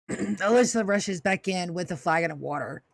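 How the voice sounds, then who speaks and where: A woman's voice: on the low side, lively intonation, unhurried, creaky, dry recording. Dry-sounding woman game master. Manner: easy, descriptive narration. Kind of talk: narrating a tabletop game.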